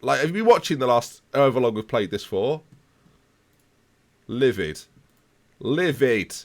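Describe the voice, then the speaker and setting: A streamer in his late twenties rants in theatrical mock outrage during a live game stream, rambling and repeating himself. His medium-pitched voice is sing-song and fast.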